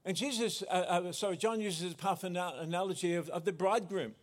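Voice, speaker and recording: High-voiced man preaching a sermon. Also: fast. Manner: earnest, with frequent restarts and self-corrections. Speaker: pastor.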